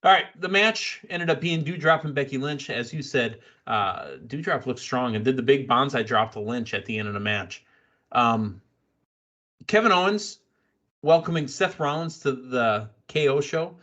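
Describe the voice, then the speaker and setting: A man's voice: mid-range voice, animated, normal speed, fairly bright tone. A man hosting a casual wrestling podcast, blunt and opinionated, rambling through his takes. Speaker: podcast host.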